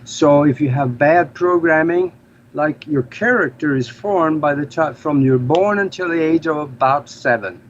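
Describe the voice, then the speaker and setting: A man's voice: on the high side, measured pace. Norwegian-born man, earnest and explanatory. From Norway. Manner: earnest, explanatory, slightly non-native grammar. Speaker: guest. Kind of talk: casual interview talk. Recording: slightly dull lo-fi audio with faint noise.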